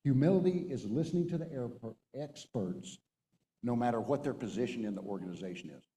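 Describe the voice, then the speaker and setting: A middle-aged man with a very dark, mellow voice gives a motivational talk from a stage to a group of men. He tells war stories and exhorts his listeners with emphatic, punchy delivery. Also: medium pitch, expressive, brisk, in a large hall, rough recording. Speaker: retired Marine colonel speaker. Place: stage before an audience.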